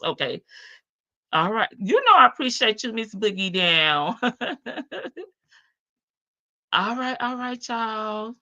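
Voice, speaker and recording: Woman, Southern accent, livestream host, bright voice, casual chatty delivery, reads comments aloud. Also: on the low side, muffled recording. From American South. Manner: chatty, animated, drawn-out Southern phrasing. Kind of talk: casual live-stream chat reading comments.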